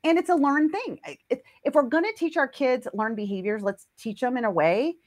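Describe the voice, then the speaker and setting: A woman's voice: high-pitched, a little fast. A woman hosting a parenting podcast as a coach, speaking emphatically and posing rhetorical questions. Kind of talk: casual conversational interview.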